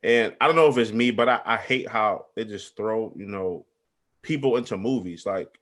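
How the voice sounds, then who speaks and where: A man's voice: fairly low pitch, moderate pace, fairly bright tone. A man co-hosting a casual sports podcast, talking in a laid-back, hesitant way. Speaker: podcast co-host. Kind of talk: casual chat.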